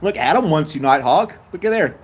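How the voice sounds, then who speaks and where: A man's voice: on the high side, animated, a little fast, breathy edge. An older man from Tennessee with a Southern accent, hosting a casual live stream, chatting in a laid-back, easygoing way and reading viewer comments aloud with frequent chuckles. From Tennessee, USA.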